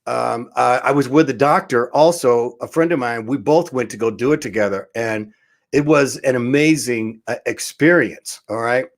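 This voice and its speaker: A man's voice: medium pitch, moderate pace. A man hosting a talk show, telling a story in a loose, rambling way with many restarts and fillers. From Southern California. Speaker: show host. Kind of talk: casual talk show monologue.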